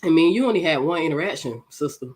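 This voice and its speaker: A woman's voice: deep voice, expressive, quick pace, darkish tone, husky. A woman with a cold and a speech impediment, blunt and insistent in an online panel debate over a call mic. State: congested from a cold. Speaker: debate guest.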